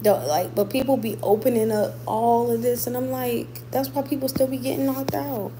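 A woman's voice: fairly high pitch, fairly even intonation, moderate pace, background noise. A woman boxer chatting casually with her viewers, emphatic and repeating points for stress. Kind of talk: casual livestream chat with viewers.

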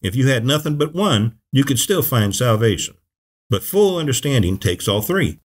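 A male preacher teaches scripture in short, measured phrases. He lands hard on key words and comes back to the same verse again and again. His voice sits at an ordinary middle pitch for a man. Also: sing-song. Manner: measured, emphatic phrasing with repeated verse quotes. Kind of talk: Bible teaching video.

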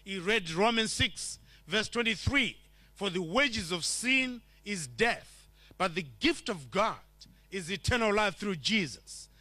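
Man from Zimbabwe, preaching testimony, high pitch, bright tone, dry sound, storytelling. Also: lively intonation, slow pace, no echo. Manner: storytelling, acts out quoted lines. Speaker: preacher sharing his testimony. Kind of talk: testimony sermon. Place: church.

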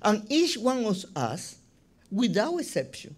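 Slow, high-voiced rabbi preaching. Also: male voice, huge pitch swings. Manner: emphatic, repeats words, non-native phrasing. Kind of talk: sermon.

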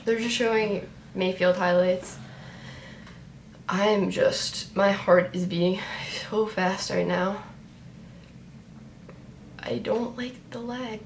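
A young woman reacting to a sports draft on her vlog, chatty and excitable, talking to her viewers. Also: medium pitch, vocal fry. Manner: excitable, talks to viewers, repeats herself. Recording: roomy echo, faint background noise.

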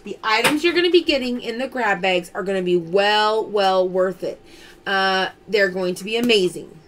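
A woman hosts a live-streamed pearl sale, chatting casually, greeting viewers by name, and reading out their comments. Her voice is mid-range at a normal speed, with clear background noise in the recording.

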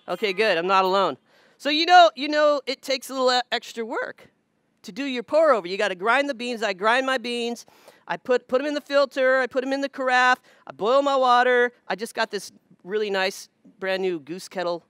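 High-voiced pastor preaching. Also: male voice, lively intonation, fairly quick, smooth, no room sound. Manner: conversational storytelling, swings between soft asides and loud exclamations. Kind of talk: sermon. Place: church service with drive-in audience honking horns.

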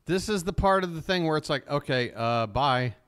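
A man's voice: on the high side, lively intonation, normal speed, a bit bright, clear, resonant tone. A man hosting a live stream, talking in a rambling, profane, openly emotional way as he reacts casually to a clip.

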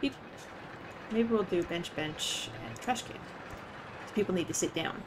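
A woman's voice: lowish voice, a little slow, noisy background. Giggly young woman streaming a game. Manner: giggly, rambling, swears casually. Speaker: livestreamer. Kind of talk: casual gaming stream chat.

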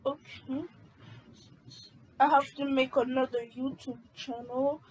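A woman reading a comedy script aloud, halting and stumbling as she corrects herself. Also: sits high, little pitch movement, darkish tone, slight background noise, rough recording. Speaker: comedy video maker.

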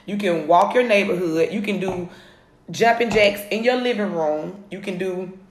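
A woman, coaching viewers on a live phone video from home, energetic and repeating her points. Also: mid-range voice, normal speed. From Atlanta area, US. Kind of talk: live social media coaching. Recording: roomy phone recording.

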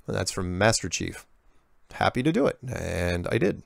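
A man's voice: sits low, sing-song, moderate pace, gravelly, dry recording, studio quality. A man hosting a show where he reads and answers viewer emails in a rambling, casual way, often restarting his sentences and making sarcastic asides. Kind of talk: casual monologue reading emails.

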